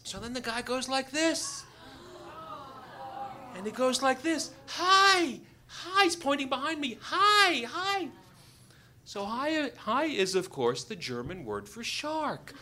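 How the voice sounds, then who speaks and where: Lively man telling a funny story. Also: extremely high pitch, measured pace, slight background noise. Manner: animated, joking, acts out the voices of the people in the story. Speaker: doctor telling a personal story. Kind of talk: live storytelling.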